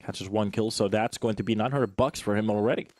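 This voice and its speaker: A man's voice: lowish voice, steady tone, brisk, darkish tone, no echo. A man giving live play-by-play commentary on a competitive match, chatty and joking with viewers between calls. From Finland. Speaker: esports commentator.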